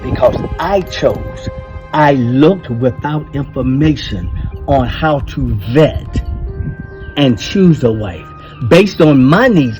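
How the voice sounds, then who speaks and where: Older man, high-pitched, blunt, preachy, faint background music. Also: dark tone. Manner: blunt, preachy, emphatic, swears freely. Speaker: speaker giving advice to men. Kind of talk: casual monologue.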